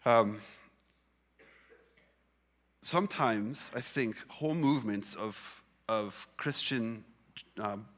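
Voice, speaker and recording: A man's voice: lowish voice, a bit bright. A man preaching a sermon as pastor in a church, talking in a conversational way with many fillers and restarts. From Canada. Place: church hall with congregation.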